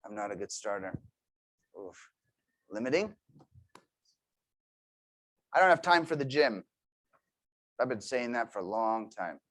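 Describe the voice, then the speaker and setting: Guy in his 30s doing a pep talk, storytelling, goes quiet then suddenly loud. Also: on the low side, unhurried, long pauses. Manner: energetic, storytelling, swings from quiet asides to loud bursts. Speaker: motivational speaker. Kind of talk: motivational talk to a team.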